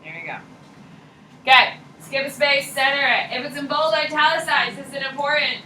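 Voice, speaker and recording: Woman history teacher, blunt and slangy, bright voice, quizzes the class, recorded from far back in an echoey classroom. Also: high voice, moderate pace, a little hiss or hum. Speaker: high school history teacher. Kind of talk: classroom lecture.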